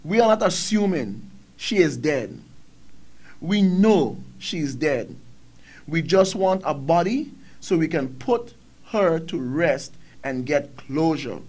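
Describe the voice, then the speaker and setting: A man's voice: high-pitched, a little mellow. A middle-aged man, hosting a talk show and ranting angrily, firing off one rhetorical question after another. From Caribbean. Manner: angry, preaching, rhetorical questions. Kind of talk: impassioned commentary.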